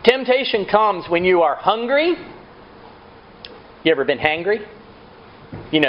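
A man's voice: on the high side, lo-fi sound. A man preaching a sermon, asking rhetorical questions and acting out quotes. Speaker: pastor.

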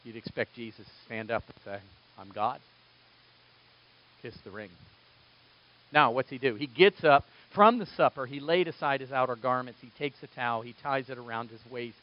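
A man preaching a sermon, moving between quiet, low passages and loud, emphatic bursts. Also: fairly quick, hardly any pauses, muffled recording. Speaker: pastor.

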